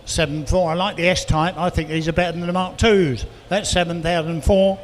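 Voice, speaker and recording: A man working as an auctioneer, calling bids quickly and adding chatty asides about each car. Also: fairly high pitch, steady tone. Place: auction hall, indoors. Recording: reverberant hall with faint noise.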